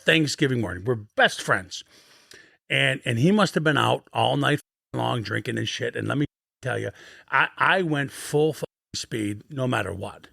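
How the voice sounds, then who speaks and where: A man in his fifties telling rough, profane stories as a podcast guest in an animated, swearing way. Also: mid-range voice, moderate pace, no echo, studio quality. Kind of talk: casual storytelling on a sports podcast.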